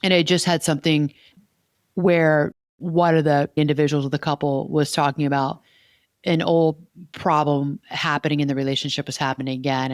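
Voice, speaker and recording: A woman's voice: sits low, fairly even intonation, moderate pace, no room sound. Lady therapist teaching on a podcast, repeats points, keeps saying okay, dry close sound. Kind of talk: explanatory podcast talk.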